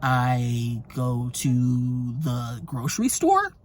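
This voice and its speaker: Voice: medium pitch, big pitch swings, very slow. A travel vlogger, talking casually and emphatically to camera, swearing now and then and breaking into short laughs between points.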